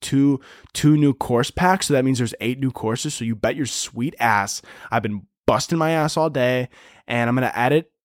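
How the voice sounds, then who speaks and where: A young man hosting a solo comedy podcast, rambling and sarcastic, swearing often and breaking into squeaky mocking voices. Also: moderate pace, no room sound, studio quality. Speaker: podcast host.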